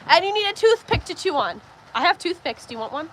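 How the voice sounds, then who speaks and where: A young woman hosting a casual farm livestream, chatty and quick to laugh as she reads viewer comments aloud. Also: very high voice, very animated, slight background noise. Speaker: livestream host. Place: farm barn with rain outside. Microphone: phone livestream.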